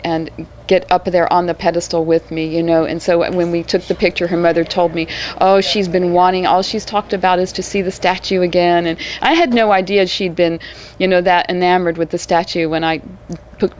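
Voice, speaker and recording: A woman's voice: on the low side, darkish tone. A woman who performs as a living statue, telling stories in a casual interview, with many fillers and restarts.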